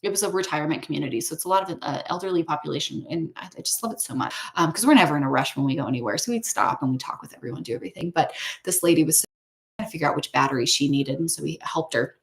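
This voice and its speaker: A woman's voice: deep voice, very fast. Chatty woman who laughs often. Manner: chatty, laughs often, reads viewer comments. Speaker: host of a prayer livestream. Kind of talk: casual chat. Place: home.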